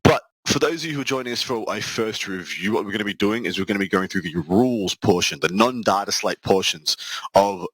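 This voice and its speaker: A man hosting a podcast in a jokey, rambling, animated way. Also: fairly low pitch, fairly quick, breathy edge, no echo, low-quality recording. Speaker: podcast host. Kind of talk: casual podcast chat.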